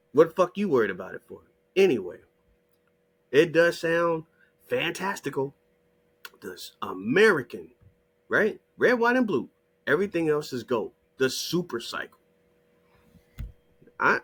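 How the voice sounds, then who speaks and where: A man giving profane, combative ranting commentary over a shared screen, hammering rhetorical questions and repeated demands in a husky voice. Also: fairly high pitch, fairly bright tone. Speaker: online video creator.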